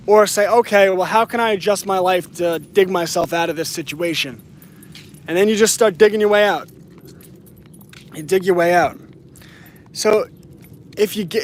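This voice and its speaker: Guy with a high voice preaching while walking his dog outside, repeats stuff a lot, keeps saying right. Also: slight background noise. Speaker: channel host. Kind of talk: casual talk to camera while walking the dog. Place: outdoors on a street.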